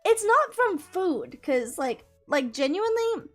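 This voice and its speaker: A woman's voice: extremely high pitch, sing-song, unhurried, soft background music. A young woman YouTuber telling a story to the camera in a casual, chatty way, laughing as she goes. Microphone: camera mic, close to the camera.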